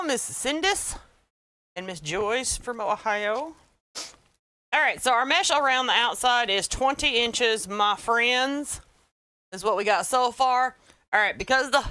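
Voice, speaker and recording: A woman's voice: a little high, pushed and bright, clear, resonant tone, dry recording. A woman with a Southern American accent hosting a casual livestream craft tutorial, chatting and greeting viewers by name. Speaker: livestream host, wreath maker.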